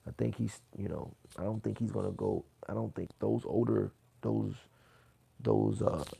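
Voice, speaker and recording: A man hosting a boxing livestream, reading chat comments aloud in a loose, swearing, casual way that turns loud when he gets riled. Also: on the low side, moderate pace, creaky, husky. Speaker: boxing channel host reading live chat.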